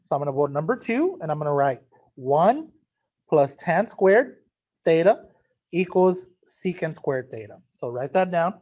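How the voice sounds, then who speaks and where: A man's voice: on the high side, sing-song, a little slow, darkish tone. A man teaching a math lesson, casual and joking, talking straight to his students. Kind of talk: recorded class lecture.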